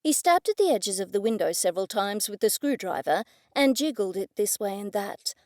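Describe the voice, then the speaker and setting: A woman narrating a first-person mystery audiobook in a clear, even storytelling delivery. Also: medium pitch, brisk, no echo, studio quality.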